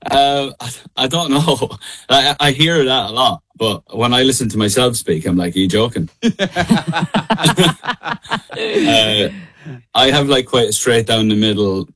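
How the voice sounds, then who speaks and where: A man with a middle of Ireland accent, a guest singer chatting casually in a radio interview over a call, relaxed, laughing often and full of fillers and restarts. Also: mid-range voice, measured pace, pauses often. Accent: Irish, middle of Ireland. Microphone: call line.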